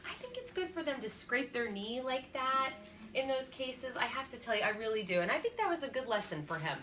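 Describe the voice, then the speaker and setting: Bright-voiced woman in her forties. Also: high-pitched, expressive, brisk, a little hiss or hum. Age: 40s. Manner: earnest, storytelling, laughs easily. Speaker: co-host. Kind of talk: faith-based parenting chat.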